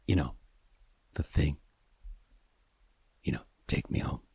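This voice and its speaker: A man voicing a polite, resigned talking fish in a spoken story, soft-spoken and hesitant. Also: a bass voice, slow pace, vocal fry, husky, no room sound, voice pushed down, exaggerated voice. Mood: gentle, resigned.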